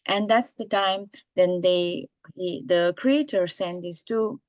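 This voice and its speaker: Unhurried woman telling a folk tale. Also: lowish voice, a little mellow, dry recording. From Eastern Himalaya, India. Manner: unhurried, with many fillers and restarts. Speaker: speaker retelling indigenous folk tales. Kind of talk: storytelling talk.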